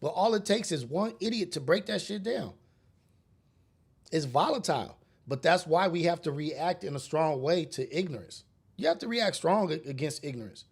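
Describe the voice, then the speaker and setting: On his solo podcast, a man with a slightly high, animated voice and a breathy edge rants at a normal speed. He grew up in a rough urban neighborhood, and his casual monologue is blunt and preachy, laced with street slang and profanity.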